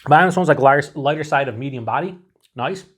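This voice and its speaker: A man's voice: mid-range voice, quick pace, fairly bright tone. A man reviewing a beer on his own in a casual, rambling way, full of fillers and restarts, cheerful and swearing now and then.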